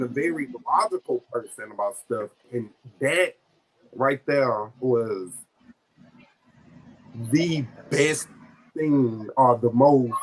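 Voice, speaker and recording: A man's voice: mid-range voice, a little hiss or hum. A man telling a personal story in an interview, heartfelt and close to tears at times, acting out the voices of the people in it. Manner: emotional, heartfelt, choking up at times; animated retelling with quoted voices. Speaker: guest storyteller.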